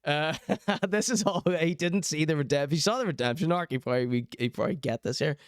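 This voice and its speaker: High, smooth-voiced man teasing. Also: fairly quick, dry recording, studio quality. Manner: laughs mid-sentence, teasing. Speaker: host. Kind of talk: casual mocking commentary.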